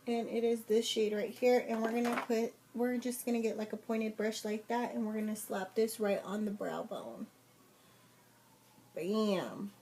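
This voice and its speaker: A young woman talks through a makeup routine step by step, casual and chatty. Her pitch sits in a middle range, and a faint hiss runs under the recording. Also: steady tone, measured pace, darkish tone. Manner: chatty, step-by-step instructions with fillers. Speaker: makeup vlogger.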